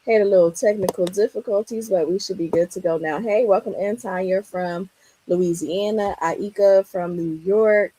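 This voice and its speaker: A woman hosting a casual livestream, her voice strained and raspy, greeting viewers by name in an upbeat, chatty way. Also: medium pitch, steady tone, moderate pace, dark tone, poor audio. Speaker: livestream host and Canva teacher.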